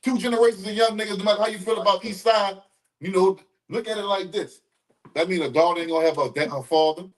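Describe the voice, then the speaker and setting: Fast-talking New man, off-mic. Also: high-pitched, recorded from a distance. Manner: brash, profane, repeats words when excited. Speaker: podcast host. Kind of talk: casual street storytelling.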